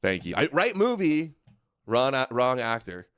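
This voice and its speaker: A man hosting a show, giving casual live reaction commentary in a sarcastic, mocking way with sudden shouted bursts. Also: medium pitch, very animated, measured pace, clear, resonant tone, no room sound, clean studio sound. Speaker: host.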